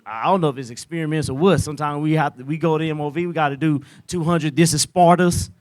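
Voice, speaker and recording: A man's voice: fairly high pitch, steady tone, fast talker, no echo, studio quality. A man doing stand-up comedy, rambling through anecdotes and laughing at his own jokes.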